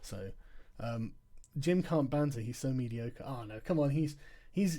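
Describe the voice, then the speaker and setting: A man with a dark, mid-range voice runs a casual late-night livestream, reading super chats aloud at a moderate, animated clip. He sounds tired yet laughs a lot, tossing out mocking curses.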